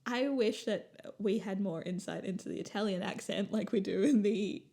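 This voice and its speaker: A woman co-hosting a casual movie review chat, telling stories in an animated way and teasing playfully. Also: mid-range voice, moderate pace, vocal fry. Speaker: podcast co-host.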